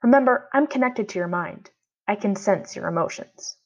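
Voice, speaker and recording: Calm alien girl, even and measured, read by a woman, a bit lo-fi. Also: mid-range voice, natural voice. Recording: dull lo-fi audio.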